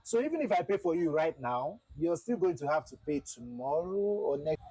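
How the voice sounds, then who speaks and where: A man livestreams a flight simulator and chats with his viewers in a loose, repetitive way. His voice sits a little high and has a husky grain. The sound is close and dry, like a desk mic in a small room. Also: very animated, moderate pace, warm tone, no room sound, poor audio. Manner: chatty, repeats himself, talks to chat. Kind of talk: casual livestream commentary.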